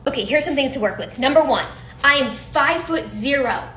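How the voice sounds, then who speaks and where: A woman's voice: sits high, animated, a little fast, fairly bright tone, slight background noise. A woman content creator giving career advice in punchy, upbeat, emphatic tips. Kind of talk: comedic tips and skits.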